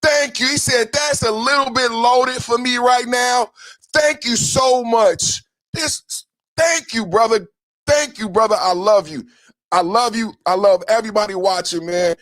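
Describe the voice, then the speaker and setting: Emphatic high-voiced male stream host. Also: unhurried, no echo. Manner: emphatic, repetitive, swings between soft and shouting. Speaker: podcast host. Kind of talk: live-stream commentary over clips.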